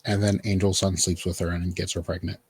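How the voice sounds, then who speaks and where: A man's voice: deep voice, flat delivery, brisk, breathy edge, no room sound. A man casually recapping a TV show on a podcast, rambling with lots of fillers. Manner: rambling, filler-heavy, quotes characters in mock voices. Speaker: podcast host.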